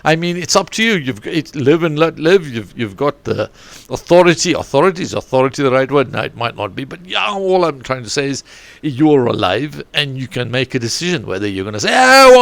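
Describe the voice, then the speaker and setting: A middle-aged coach hosts his own podcast from his bedroom, talking in a loose, digressive, animated way with the odd mild curse. His voice is mid-pitched with a gravelly edge. The sound is dry and close, with no room echo. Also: fairly quick. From Zambia. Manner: digressive, animated, mildly swearing. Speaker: podcast host and football coach. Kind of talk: rambling solo podcast chat. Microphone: home setup, no studio.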